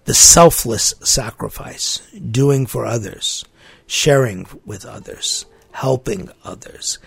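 A man preaching a sermon, emphatic and deliberate, repeating his key phrases for weight. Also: medium pitch, vocal fry, fairly bright tone, slightly rough, dry recording.

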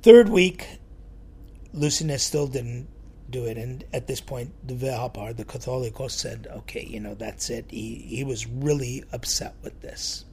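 A man telling a church story in a sermon, lively and acting out the quoted voices. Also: medium pitch, a little slow, a little hiss or hum. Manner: animated storyteller, acts out quotes.

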